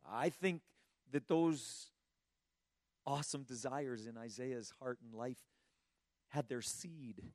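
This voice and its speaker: A slightly hoarse man preaching a sermon in an earnest, emphatic way, asking rhetorical questions and often restarting his words. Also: a little high, darkish tone, dry recording, studio quality. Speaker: pastor.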